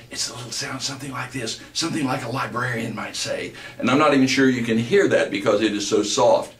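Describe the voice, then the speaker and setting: Deep-voiced male voice teacher, roomy sound. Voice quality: deep bass voice. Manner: explanatory, measured teaching delivery. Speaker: voice instructor. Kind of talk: recorded lecture with vocal demonstrations. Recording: roomy, distant mic.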